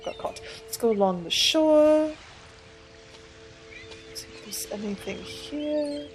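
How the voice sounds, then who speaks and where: A woman narrates her let's play of a story game, chatty and prone to giggles, thinking aloud as she explores. Her voice moves lively up and down, with faint game music under it. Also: high voice, takes it slowly. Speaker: gaming channel host.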